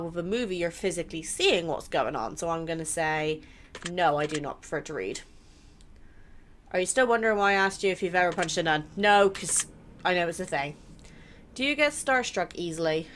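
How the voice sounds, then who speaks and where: A woman's voice: on the low side, a bit bright. Young woman gamer chatting thru a quiz game, blunt, swears a bit, faint hiss behind. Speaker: gaming content creator. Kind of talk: casual let's play commentary, reading questions aloud.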